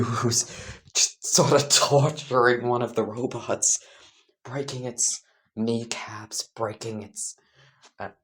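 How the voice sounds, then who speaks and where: Very deep-voiced woman spinning a silly fanfic. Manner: rambling, laughs at own jokes, self-corrections. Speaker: storyteller. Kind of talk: casual fan-fiction narration.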